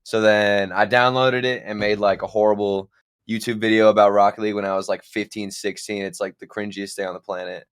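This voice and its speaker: A man's voice: on the low side, level tone, a little fast, smooth, no echo, studio quality. A young man on a podcast, telling stories in casual chat and rambling as his voice drops off at the ends of phrases. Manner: rambling storyteller, trails off quietly. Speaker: podcast guest.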